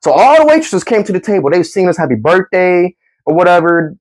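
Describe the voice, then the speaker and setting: Young male storyteller, animated and slangy, pitch all over the place. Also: fast, rough recording. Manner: animated, laughing, slangy, acts out friends with gasps. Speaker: comedic storyteller. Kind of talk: casual comedic storytelling.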